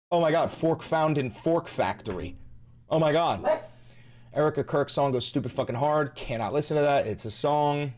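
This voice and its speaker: A man hosting a live stream, ranting about politics with heavy swearing and sudden shouts. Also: fairly high pitch. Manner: profane, ranting, bursts into shouting. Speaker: livestream host.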